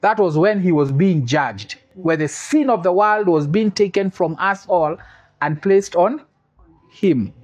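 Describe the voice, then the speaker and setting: A man's voice: high-pitched, animated, a little slow, darkish tone. A man preaching a sermon, repeating key phrases for emphasis, asking the congregation questions and adding humorous asides. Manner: quizzes the congregation for responses.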